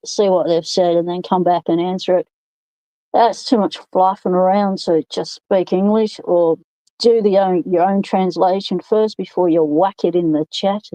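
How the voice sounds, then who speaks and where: A woman's voice: lowish voice, mellow, no room sound, poor audio. An Australian woman hosting a casual livestream from her home workshop, chatting in a rambling way and greeting viewers by name over a phone microphone. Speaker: livestream host.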